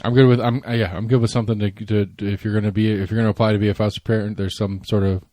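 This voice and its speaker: A man's voice: fairly low pitch, little pitch movement, racing, warm tone, dry recording. Rambling man, dry close mic. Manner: rambling, repeats words, swears casually. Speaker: podcast co-host. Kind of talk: casual chat.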